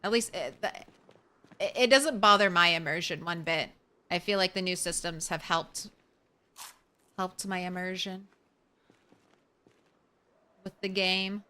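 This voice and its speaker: Slow, unhurried delivery from a young woman live-streaming a survival game. Her voice is bright and forward, and her chat is loose and casual, with the odd curse and plenty of remarks to the creatures on screen. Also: fairly low pitch. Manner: chatty, swears casually, talks to the game animals. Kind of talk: casual gameplay commentary.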